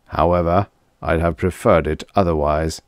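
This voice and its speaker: A man voicing a cautious Russian male scientist with a thick Russian accent, speaking slowly and guardedly. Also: low-pitched, fairly even intonation, no room sound, studio quality, natural voice. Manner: slow, measured, guarded.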